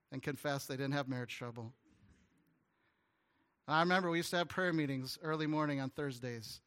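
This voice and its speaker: A man preaching a sermon as a guest pastor, telling an earnest story with stammered restarts and some hushed, tender moments. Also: fairly high pitch. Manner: drops to a hushed, tender voice at emotional points.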